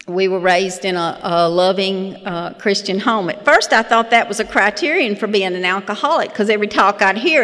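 A woman in her fifties, whose voice is medium in pitch and a bit bright, shares her personal story at a recovery meeting. She is folksy and self-deprecating, telling it with humor and chuckling asides, and the sound has a long hall reverb.

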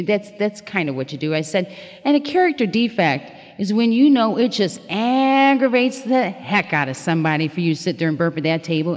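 A woman's voice: deep voice, a little mellow, in a large hall. A middle-aged woman telling her own recovery story in a candid, self-mocking way, often laughing at herself. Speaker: recovery meeting speaker. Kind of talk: personal testimony talk.

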